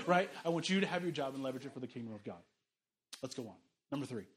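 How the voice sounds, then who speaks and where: Fast, bright-voiced preacher man. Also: medium pitch. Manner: animated storytelling, acts out quoted voices. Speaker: pastor. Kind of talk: sermon.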